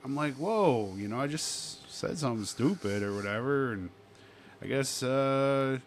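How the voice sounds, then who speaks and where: A man's voice: mid-range voice, moderate pace. A man hosting a casual chat over drinks, rambling, laughing often and swearing freely. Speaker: podcast host.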